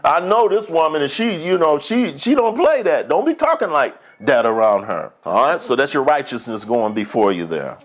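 A man preaching a sermon as pastor, mixing folksy stories with slow, deliberate scripture reading. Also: medium pitch, expressive. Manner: folksy, chuckles through his stories.

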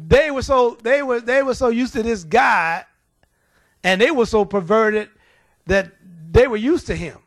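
A man preaching a sermon, telling Bible stories with lively, acted-out voices. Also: very high-pitched, measured pace, dry recording. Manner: animated storytelling with acted-out voices.

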